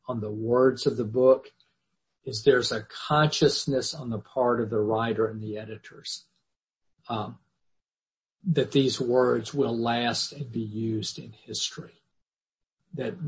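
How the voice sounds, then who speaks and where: A man with a rough, gravelly voice at an ordinary pitch. He reads scripture to his class and then lectures in a measured, thoughtful way, often restarting his sentences. He sounds like he is teaching over a video call. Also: rough recording.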